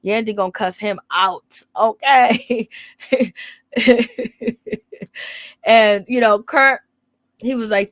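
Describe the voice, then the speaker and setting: Woman, sassy gossip recap, animated, slightly high voice, laughs a lot. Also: slow, long pauses, no room sound. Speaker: reality TV recap commentator.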